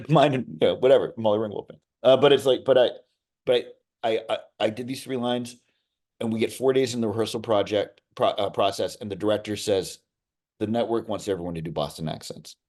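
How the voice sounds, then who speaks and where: Middle-aged male actor guest, lower voice, rambling anecdotes, lots of restarts. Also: brisk. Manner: animated storyteller, many restarts and asides. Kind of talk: casual interview storytelling.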